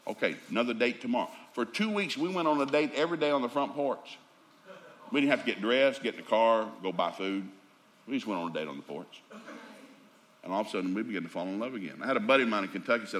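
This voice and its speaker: Folksy fast-talking preacher man. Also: medium pitch. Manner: folksy, animated, jokey storytelling. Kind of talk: sermon with storytelling.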